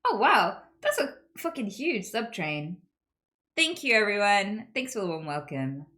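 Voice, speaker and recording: A woman streaming, chatting casually with viewers in an animated, chatty way and swearing freely. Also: medium pitch, a little slow. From United Kingdom.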